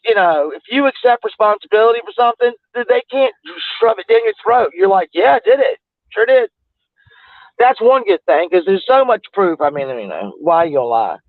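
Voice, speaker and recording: High-voiced rambling man. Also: no echo. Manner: chatty, rambling, greets viewers. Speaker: livestream host. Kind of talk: casual chat commentary. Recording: tinny phone-like, dry.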